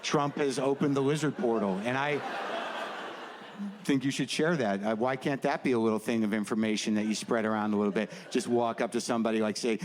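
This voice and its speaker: A man's voice: mid-range voice, fairly even intonation, brisk. Man, stand-up comedian, rambling, self-doubting, blunt, noisy live room. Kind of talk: stand-up set. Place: comedy stage with a laughing audience.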